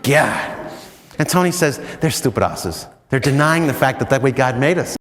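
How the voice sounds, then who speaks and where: Chatty American priest in a reverberant hall. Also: male voice, mid-range voice, animated, normal speed, a bit bright. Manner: chatty, self-mocking, many "you know"s. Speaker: priest giving a spiritual talk. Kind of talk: storytelling retreat talk.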